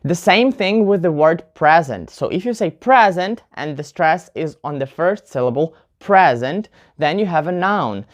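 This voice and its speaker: Give me a chatty male English teacher drilling word stress, repeating examples slowly. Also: on the high side, expressive. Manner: casual, chatty, keeps addressing viewers as guys. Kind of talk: pronunciation lesson.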